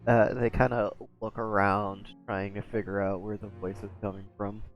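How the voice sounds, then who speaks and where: A man's voice: lowish voice, flat delivery, moderate pace, faint music behind. A man running a tabletop game as game master, narrating in a laid-back way.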